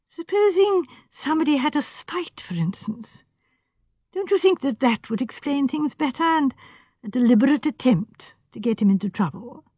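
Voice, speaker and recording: A woman reading as a shrewd, gentle elderly spinster, talking softly with hesitant pauses. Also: medium pitch, animated, husky, no echo, clean studio sound. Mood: musing. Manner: soft, hesitant, musing.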